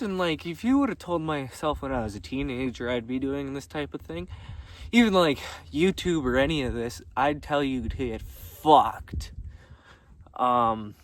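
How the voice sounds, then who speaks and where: A young man telling stories casually, laughing often and swearing freely while walking outdoors on a gravel road. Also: a little high. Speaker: vlogger. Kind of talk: casual storytelling. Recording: distant mic with faint background noise.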